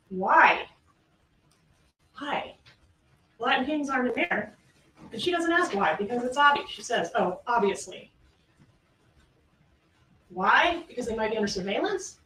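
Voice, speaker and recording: A woman's voice: a little high, lively intonation, normal speed, long pauses, pushed and bright. A woman prosecutor giving a courtroom closing argument, emphatic and full of rhetorical questions. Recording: echoey room, distant mic, faint ambience.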